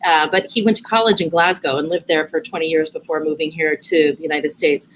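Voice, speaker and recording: A woman talking as a guest on a live video call, a lively storyteller who laughs easily. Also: deep voice, brisk, slight background noise, low-quality recording. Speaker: guest from a hospitality charity. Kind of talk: casual chat on a live stream.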